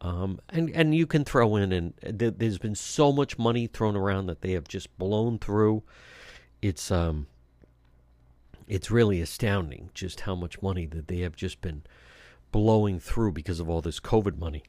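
A man's voice: low voice, moderate pace, a little mellow, dry recording. A man hosting talk radio, giving blunt, scornful political commentary with frequent fillers and restarts.

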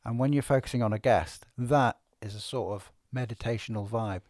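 A man's voice: mid-range voice, brisk, no echo. A man with a mid-range voice chats on a podcast. He tells stories with energy and acts out what others said. The recording is close and dry. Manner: animated storyteller, acts out quotes. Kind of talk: casual podcast chat. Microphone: studio podcast microphone.

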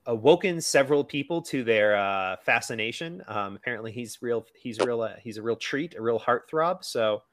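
A man's voice: mid-range voice, lively intonation, normal speed, few pauses, fairly bright tone, no echo. A man co-hosting a podcast, chatting casually about a movie with plenty of fillers and playful asides. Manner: chatty, lots of fillers, quotes characters in a silly voice. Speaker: podcast co-host.

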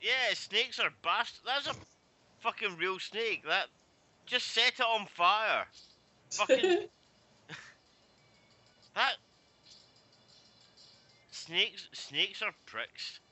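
A man's voice: sits high, animated, very slow, long pauses, sharp tone, soft background music. A man in casual chat, telling stories and ranting with a lot of swearing. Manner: profane, ranting storyteller.

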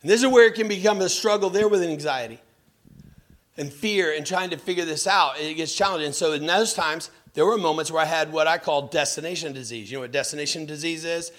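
Guy preaching a sermon, kinda high voice, storytelling, keeps asking the crowd stuff. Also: fairly quick. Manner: lively storytelling preacher who jumps into mocking voices; asks the audience direct questions. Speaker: pastor.

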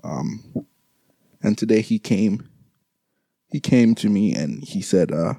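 A young man with a very low, mellow voice talks through his grief in a halting personal monologue. He stumbles and repeats his words and sounds like he is holding back tears. The sound is close and dry. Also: expressive, vocal fry, no room sound. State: grieving, trying not to cry. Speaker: grieving brother addressing listeners.

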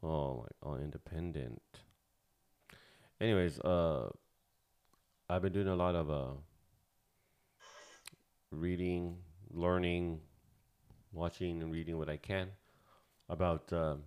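A man's voice: low voice, fairly even intonation, slow, pauses often, darkish tone, smooth. A man in his thirties co-hosting a casual podcast, rambling and swearing freely, with lots of fillers. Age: 30s. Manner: loose, profane and rambling, with many fillers. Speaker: podcast co-host.

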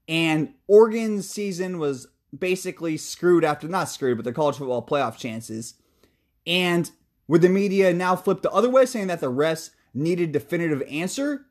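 A man's voice: a little high, expressive, normal speed. A young man hosting a casual sports talk show, ranting heatedly about football, swearing freely and then talking himself back down. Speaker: sports podcast host. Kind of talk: casual sports commentary rant.

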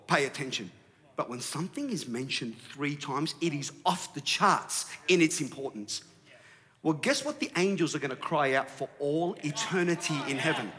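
Male pastor, fiery sermon delivery, bright and forceful. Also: high voice, long reverb tail. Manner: animated, rising to shouts.

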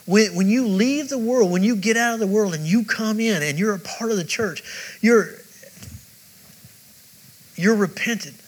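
A man's voice: sits high, moderate pace, long pauses, rough recording. A male pastor preaching a sermon with emphatic, repetitive phrasing and direct questions to the congregation.

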